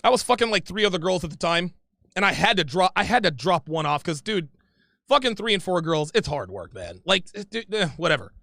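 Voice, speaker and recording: Animated, foul-mouthed man with a high voice. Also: brisk, vocal fry, dry recording, studio quality. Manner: profane, animated, rambling. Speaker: podcast guest. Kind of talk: casual storytelling.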